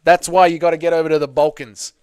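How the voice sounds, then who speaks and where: A man's voice: fairly high pitch, flat delivery, quick pace, a little mellow, clean tone, no echo, clean studio sound. A man hosting a casual livestream Q&A, reading chat questions aloud and bantering back.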